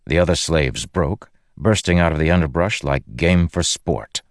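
A man narrating an audiobook in a measured, grave storytelling manner. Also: very deep voice, dry recording, clean studio sound.

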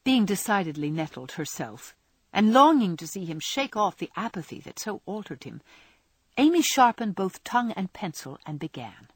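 A woman reads a classic story aloud with a lively, rising-and-falling voice. Her tone is a little breathy, and the recording is close and dry with no room sound. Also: on the low side, moderate pace, dry recording. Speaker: audiobook narrator. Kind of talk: storybook narration.

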